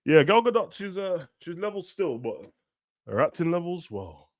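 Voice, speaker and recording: A young man, ranting and joking as a streamer during a football watch-along, now and then shouting. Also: fairly high pitch, sing-song, normal speed, no echo, studio quality. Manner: ranting, slangy, bursts of shouting. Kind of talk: casual chat over a live match.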